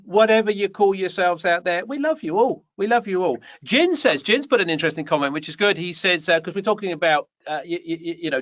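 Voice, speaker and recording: A man co-hosting a live show, reading out viewer comments and joking with them in a teasing, animated way. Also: a little high. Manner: jokey, teasing, animated storytelling. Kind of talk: casual live show chat. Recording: dull, dry lo-fi stream audio.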